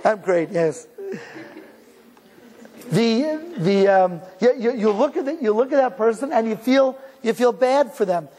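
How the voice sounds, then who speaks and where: A man's voice: very high voice, expressive, a little slow, dark tone. A man from Cleveland, Ohio, giving a live talk as a rabbi, telling stories conversationally, restarting sentences and chuckling along with the audience. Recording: long hall reverb.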